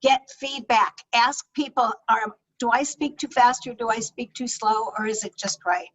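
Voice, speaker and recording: A woman speaking coach giving an energetic, emphatic talk on public speaking over a video call. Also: a little high, moderate pace. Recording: distant-sounding video call audio.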